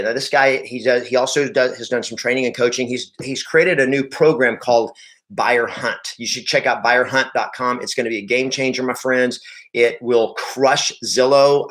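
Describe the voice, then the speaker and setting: A man's voice: mid-range voice, fairly bright tone. Emphatic sales coach, man. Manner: emphatic, repeats points, acts out client talk. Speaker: real estate coach. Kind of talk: motivational sales training talk.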